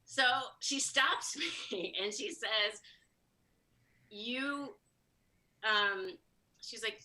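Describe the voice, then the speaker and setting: A woman comedian from Chicago telling a story at a fast, high-energy clip, acting out the quoted lines. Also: sharp tone, low-quality recording. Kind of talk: live storytelling monologue.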